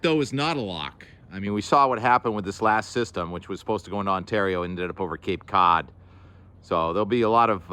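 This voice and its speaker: A man's voice: on the low side, fairly bright tone. A man hosting a casual weather talk, rambling and correcting himself as he goes. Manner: chatty, rambling, self-correcting asides. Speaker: weather show host.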